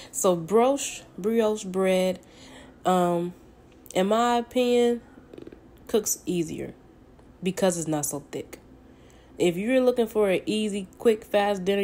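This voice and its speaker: With a medium-pitched, darkish voice and slight background noise, this Southern-accented woman from the Southern United States cooks in her kitchen and chats casually with viewers as a home cook. She's folksy, friendly and talkative, calling her audience honey and baby.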